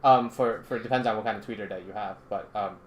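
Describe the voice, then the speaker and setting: A man's voice: on the low side, quick pace, crowd noise. A man in casual chat who rambles, with many fillers and restarts, and swears when he gets worked up. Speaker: podcast co-host.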